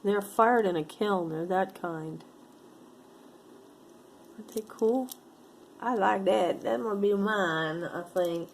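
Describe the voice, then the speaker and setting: A woman's voice: medium pitch, takes it slowly, long pauses, a little hiss or hum. A woman chatting casually to her camera as she sorts through jewelry, musing aloud and easily delighted by each piece. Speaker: vlogger sorting jewelry for sale. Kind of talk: casual show-and-tell chat.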